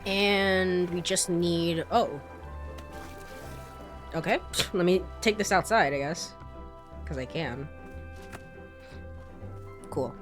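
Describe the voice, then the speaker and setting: A woman's voice: on the low side, slow, long pauses, soft background music. A woman who is sick gives laid-back, casual commentary while playing a game, mumbling with fillers. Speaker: let's play streamer.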